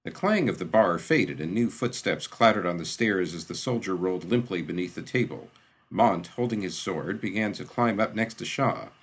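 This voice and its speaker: A man narrating a fantasy audiobook in a steady, descriptive storytelling manner. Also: low voice, moderate pace, breathy edge.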